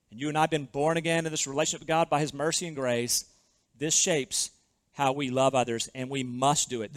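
High-voiced preacher, emphatic and dry. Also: male voice, no room sound. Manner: preaching with emphatic slowed stresses and rhetorical questions. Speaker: pastor. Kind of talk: sermon.

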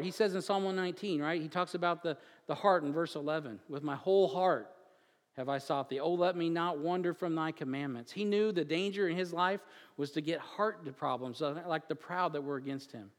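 A man preaching a sermon, moving from quiet joking asides with chuckles to loud, emphatic build-ups. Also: on the high side, brisk, long reverb tail. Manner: chuckles and jokes between scripture readings. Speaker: pastor.

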